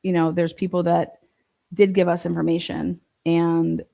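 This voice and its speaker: A woman's voice: lowish voice, little pitch movement, measured pace, gravelly, dark tone. A woman hosting a casual livestream, reading viewer comments and talking bluntly with frequent swearing. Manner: blunt, profane, fired up. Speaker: livestream host.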